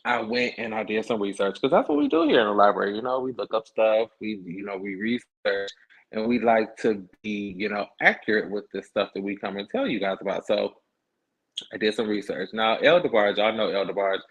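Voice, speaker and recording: A man's voice: lowish voice, fairly bright tone. A man hosting a podcast livestream, chatting casually in a sassy, slangy way. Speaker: podcast host. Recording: dull lo-fi stream audio.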